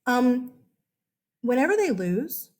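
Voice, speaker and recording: A woman's voice: high voice, very animated, takes it slowly, a little mellow. A woman history teacher giving a casual, chatty lecture, correcting herself and asking her students questions.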